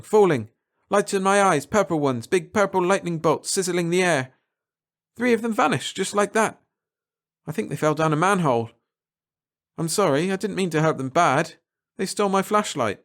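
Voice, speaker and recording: A man narrating a first-person short story aloud, expressive and swinging from hushed to excited. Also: on the high side. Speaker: audiobook narrator.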